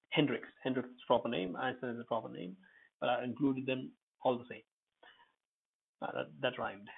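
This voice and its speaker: Husky man teaching pronunciation, tinny sound. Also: medium pitch. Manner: repeats words slowly, spells out letters. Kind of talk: pronunciation lesson.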